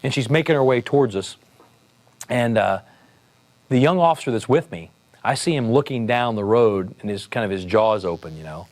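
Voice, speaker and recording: A man, a police sergeant, telling a story in a relaxed, conversational way with frequent fillers and restarts. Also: medium pitch, moderate pace. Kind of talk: storytelling talk.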